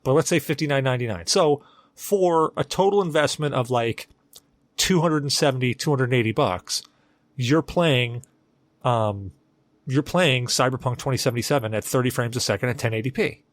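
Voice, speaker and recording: On a laid-back gaming podcast, a male co-host builds his argument one step at a time. His voice is medium in pitch and his pace moderate, with no echo in the recording.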